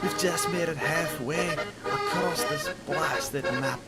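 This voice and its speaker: A man's voice: on the high side, wildly swooping pitch, slow, exaggerated voice. A man putting on a rowdy Scottish pirate captain. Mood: rallying. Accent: put-on Scottish pirate. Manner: boisterous, shouting orders to his lads. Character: hearty pirate ship captain rallying his crew. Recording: loud accordion music behind.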